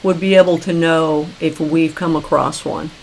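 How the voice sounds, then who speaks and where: A woman's voice: low voice, fairly even intonation, moderate pace, vocal fry, rough recording. A woman hosting a talk show, asking chatty, probing questions in a casual conversation. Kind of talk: casual interview.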